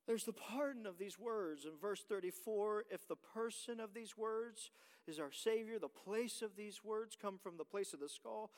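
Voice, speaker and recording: Male pastor, high voice, dramatic sermon, hushed to shouting, reverberant hall. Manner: swings from hushed to shouting, sings hymn lines.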